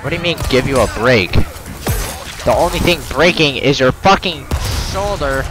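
Over music in a low-quality recording, a gamer commentates his horror game playthrough, swearing, joking at the screen, and yelping when something jumps out. His medium-pitched voice has lively intonation and a slightly slow pace.

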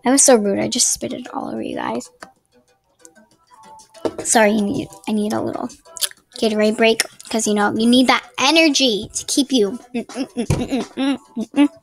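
A woman's voice: fairly high pitch, normal speed, gravelly, faint music behind. A woman giving casual gameplay tips, rambling and chatty with apologetic asides, recorded on a laptop mic at a home desk. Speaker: gaming channel host. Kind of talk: casual gameplay tutorial commentary. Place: home desk with ring light. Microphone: laptop built-in mic.

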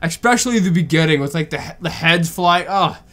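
A man hosting a casual reaction video, excitable and laughing often, repeating his exclamations. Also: a little high, brisk. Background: video audio and music playing.

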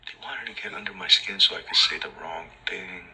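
A man's voice: deep voice, level tone, fairly quick, sharp tone, whispered, low-quality recording. A man angrily recounting his own story in a profane rant, acting out what others said to him. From Los Angeles. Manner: ranting, profane, acts out officers' lines. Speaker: vlogger. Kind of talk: angry personal rant.

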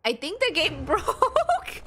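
A young woman commenting on her gameplay, excitable and quick to exclaim and burst out laughing. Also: very high voice, background noise. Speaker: streamer playing a video game.

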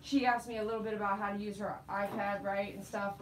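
A middle-aged woman and dog groomer chatting casually while she grooms, telling animated stories and laughing often. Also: medium pitch, fast talker, distant mic, slight background noise, rough recording. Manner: chatty, animated storytelling with quoted voices.

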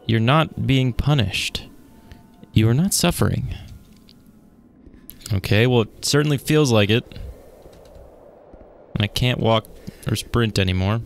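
A man's voice: mid-range voice, lively intonation, a little slow, creaky, long pauses. A man giving jumpy, profane commentary while playing a horror game, talking to himself as he goes. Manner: jumpy, swearing, talks to himself. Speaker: gaming YouTuber.

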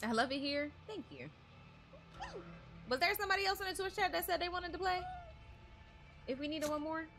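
A woman's voice: very high voice, brisk, long pauses, a bit bright, slight background noise. A woman streamer chatting casually while playing an online game, thanking viewers and joking with friends in loose slangy talk. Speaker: streamer hosting a multiplayer horror game session. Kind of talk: casual gaming chat.

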